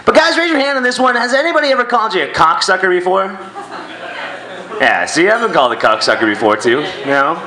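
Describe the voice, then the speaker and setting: A man performs stand-up into a handheld mic, his voice bright and sharp, swinging widely up and down as he tells crude, self-mocking stories. The sound carries the echo of a club room around him. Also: high-pitched, fast talker. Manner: crude, self-deprecating, animated storytelling. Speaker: stand-up comedian. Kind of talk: stand-up set. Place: comedy club stage.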